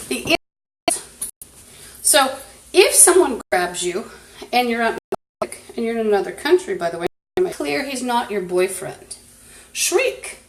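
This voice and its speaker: Slow rambling woman, echoey room. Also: a little high, animated, far from the mic, noisy background. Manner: rambling, jumps between topics. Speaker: livestreamer. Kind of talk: rambling live stream monologue. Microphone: phone.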